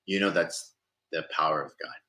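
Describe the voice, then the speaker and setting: A man in casual conversation about faith, getting animated when retelling others' words. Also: low voice, normal speed, low-quality recording. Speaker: church member guest. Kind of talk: casual chat.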